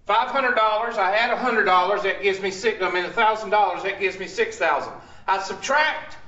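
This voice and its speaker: Guy teaching a classroom, high bright voice, keeps asking the class stuff, roomy dull recording. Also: fairly quick. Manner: asks the class questions and repeats their answers; chatty, talks to himself over tech trouble. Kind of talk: classroom lecture.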